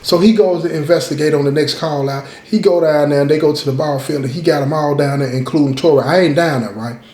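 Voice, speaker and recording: A man's voice: a little high, fast talker, warm tone, reverberant. A man hosting his own show, telling a story in a casual, emphatic way, repeating points and talking straight to his listeners. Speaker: host, storyteller.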